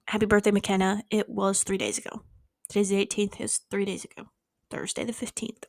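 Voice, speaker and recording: A young woman chats straight to camera from her bedroom, telling a story in a loose, swearing, animated way. She acts out the quotes with sudden high leaps in her voice. Her voice sits mid-range for a woman and the room sounds dead and dry. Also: brisk, creaky, no room sound. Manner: animated, swearing, acting out quotes with big pitch jumps. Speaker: vlogger. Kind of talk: casual storytime vlog.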